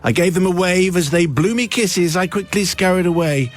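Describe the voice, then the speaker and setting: A man's voice: high-pitched, normal speed, soft background music. Playful male radio host reading aloud. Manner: playful, amused, theatrical reading. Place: radio studio.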